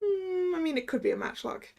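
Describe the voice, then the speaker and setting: A woman with a very high-pitched, gravelly, slightly mellow voice speaks briskly with lively intonation. Streaming a video game playthrough, she reads and comments, musing aloud and correcting herself in a chatty way.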